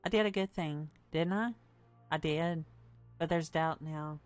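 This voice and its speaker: A woman streamer reading a dark story game aloud in a plain storytelling voice, breaking off for wry asides. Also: sits low, unhurried, faint music behind.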